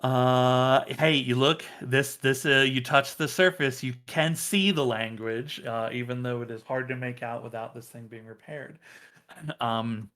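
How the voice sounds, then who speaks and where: Slow, hesitant game master man. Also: mid-range voice, steady tone, a bit bright. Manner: halting, many ums and uhs. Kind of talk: narrating a tabletop game.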